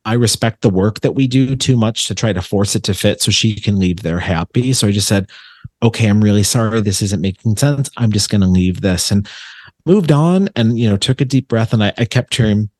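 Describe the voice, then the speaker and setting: Low-voiced man telling rambling stories. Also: a little fast, darkish tone, no room sound. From Buffalo, New York. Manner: rambling storyteller with many fillers and restarts. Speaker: medium, podcast guest. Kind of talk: casual chat.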